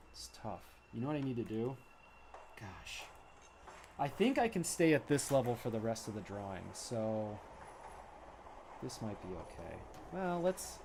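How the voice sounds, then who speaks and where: A man's voice: medium pitch, expressive, moderate pace, creaky, noisy background. A man livestreaming as he draws at his desk, chatting casually and rambling between jokes. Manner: rambling, playful, sings silly made-up ditties. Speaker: artist streaming his drawing. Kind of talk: casual livestream chat while drawing. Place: home studio at a drawing desk.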